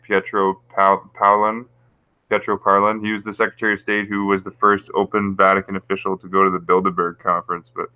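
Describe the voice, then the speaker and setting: A man's voice: low voice, bright, forceful tone, smooth, no echo, low-quality recording. A man hosting a casual livestream, rambling through conspiracy commentary with frequent chuckles while reading his chat. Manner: rambling, conspiratorial, laughs at his own points. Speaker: YouTube channel host.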